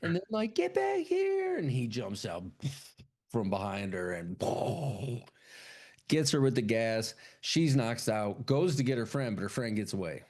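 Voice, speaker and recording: Profane man recapping a movie. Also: darkish tone. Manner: profane, acts out characters in quick high put-on voices. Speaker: podcast co-host. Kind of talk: casual chat recapping a film.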